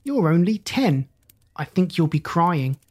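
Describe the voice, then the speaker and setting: A storybook narrator voicing a teenage big sister in a high, exclaiming voice. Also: very animated, a little slow, darkish tone. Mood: teasing.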